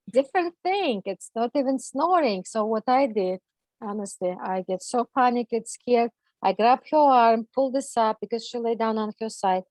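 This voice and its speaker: A woman, a guest on an interview show, telling a personal story in halting, emotional, non-native English, full of fillers and restarts. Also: fairly high pitch, no echo, low-quality recording.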